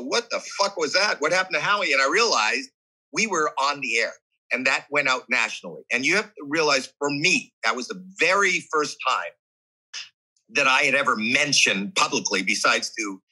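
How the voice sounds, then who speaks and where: Podcast guest, male, very bright and husky timbre, animated and earnest storyteller. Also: fairly high pitch, low-quality recording. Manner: animated, acts out his own and others' voices; candid and earnest. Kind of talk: emotional personal storytelling in an interview.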